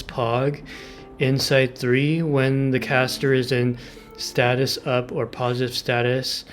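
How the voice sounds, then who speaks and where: A man hosting a gaming video, explaining team setups in casual commentary and exclaiming with enthusiasm over game details. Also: medium pitch.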